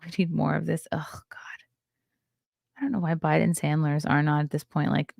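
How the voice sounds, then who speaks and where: A woman's voice: sits low, flat delivery, moderate pace, creaky, darkish tone, no room sound, clean studio sound. A tired, yawning woman hosting a podcast, chatting casually with her viewers and rambling between comments from the chat. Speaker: podcast host.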